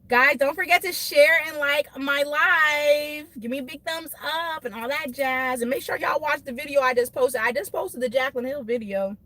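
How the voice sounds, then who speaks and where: Woman vlogger, fairly high voice, emphatic live-stream rant from her car. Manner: animated, emphatic, laughs often, talks to chat by name. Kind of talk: casual venting rant to live viewers.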